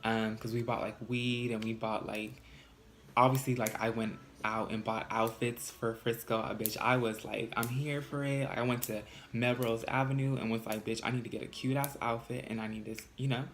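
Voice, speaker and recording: Young guy vlogger, sassy and blunt, mid-pitched voice, casual storytime delivery. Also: moderate pace, a little hiss or hum. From California. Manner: animated, sassy, swears freely.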